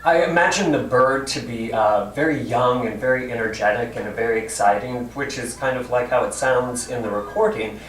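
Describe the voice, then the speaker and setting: A man's voice: mid-range voice, moderate pace, hardly any pauses, fairly bright tone. A male actor explaining to children, in a friendly way, how he plays each character. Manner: friendly, explanatory, with some hesitant fillers. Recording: roomy hall from a distance, faint music.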